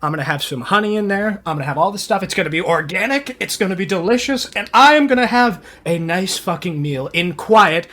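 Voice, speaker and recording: A man playing a hot-tempered, petty home-cook husband in a profane, shouty tirade. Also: high voice, animated, brisk, hardly any pauses, full character voice. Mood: enraged rant.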